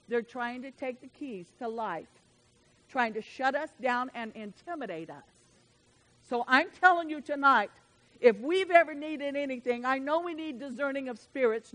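A woman's voice: a little high, normal speed, poor audio. Emphatic folksy woman preaching. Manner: folksy, emphatic, swings from loud to soft. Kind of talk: sermon.

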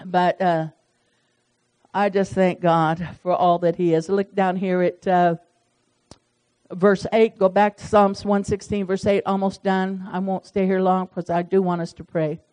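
A woman's voice: fairly low pitch, unhurried, low-quality recording. Folksy, chatty woman leading a Bible study. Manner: folksy, animated, chatty, reading scripture aloud. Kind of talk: casual Bible study teaching.

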